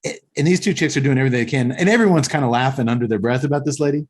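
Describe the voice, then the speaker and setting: A man's voice: mid-range voice, racing. A man hosting a podcast, casually telling a story and acting out the people in it. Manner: animated, acts out voices. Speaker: podcast host.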